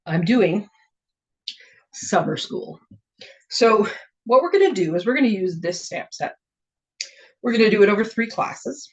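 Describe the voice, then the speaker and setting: A woman's voice: mid-range voice, expressive, a little slow, long pauses. A woman demonstrating papercraft products in a casual show-and-tell, chatty and gushing, with rambling asides. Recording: dull lo-fi recording.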